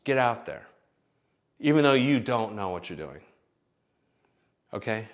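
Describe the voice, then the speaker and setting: Low-voiced, profane rambling vlogger man. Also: very animated, measured pace. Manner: rambling, profane, many restarts. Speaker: channel host, screenwriter. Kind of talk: casual vlog monologue.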